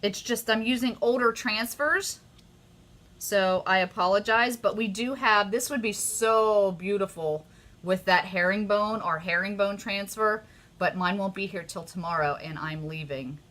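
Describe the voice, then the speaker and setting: A woman hosting a casual live craft tutorial, chatty and easily excited, often gushing over her work. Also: mid-range voice, a little slow.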